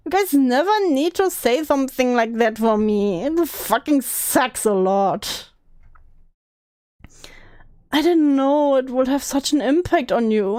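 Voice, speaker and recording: A woman's voice: a little high, a little mellow, clear, resonant tone, no echo, studio quality. A young woman talking casually on a stream, emotional and swearing, laughing often.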